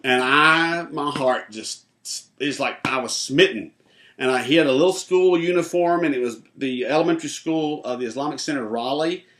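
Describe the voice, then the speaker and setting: A pastor tells his personal testimony with animation, acting out the voices of the people in his story. His voice is mid-range and his pace normal.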